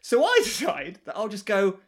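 A young-sounding man with a high, lively voice recounts a mishap on a casual podcast. He swears freely and laughs his way through the story, his pitch bouncing all over the place. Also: moderate pace. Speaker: podcast co-host.

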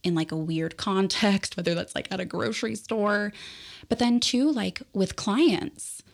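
A young woman from the Bay Area, a therapist, talking candidly in a casual podcast conversation with an animated, storytelling manner. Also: mid-range voice, a little slow, gravelly. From San Francisco Bay Area. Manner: candid, animated storytelling with frequent laughs and fillers. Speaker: therapist guest.

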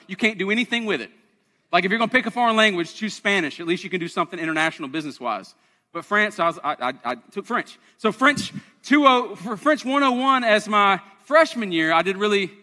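A man's voice: sits high, sharp tone, in a large hall. A man, preaching a conversational, self-deprecating sermon to his congregation in a church. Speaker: pastor. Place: church sanctuary.

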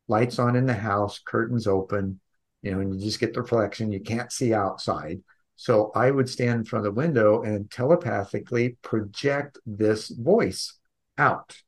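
A man being interviewed on a podcast, telling a personal story in an earnest, gentle way with frequent restarts. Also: mid-range voice. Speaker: podcast guest.

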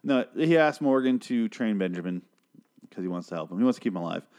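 A young man with a lowish voice rambles through a TV episode recap. He is sarcastic and profane, and he slips into quick impressions of the characters. It sounds like a loose solo review show. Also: lively intonation, darkish tone. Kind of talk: casual recap and review monologue.

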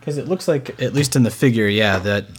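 A man's voice: medium pitch, a little fast, slight background noise. Easygoing man chatting on a podcast. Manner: easygoing, agreeable, frequent ums and uhs. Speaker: podcast co-host. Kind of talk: casual chat.

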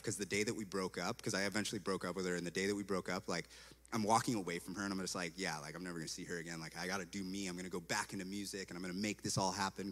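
A man from California telling his personal testimony as a story, animated and acting out his own past words, with "like" all through his talk. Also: low voice. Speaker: speaker giving a personal testimony. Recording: long hall reverb.

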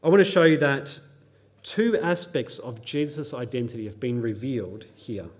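A man's voice: mid-range voice, moderate pace. A man preaching a sermon, teaching earnestly, reading scripture aloud and adding light pop-culture asides. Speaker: pastor.

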